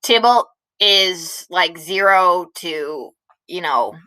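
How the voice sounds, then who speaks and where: A woman's voice: lowish voice, lively intonation, takes it slowly, bright, forceful tone, clear, resonant tone, rough recording. A woman teacher explaining a play in a casual, chatty way with many fillers. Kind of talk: explaining a play in a recorded lesson.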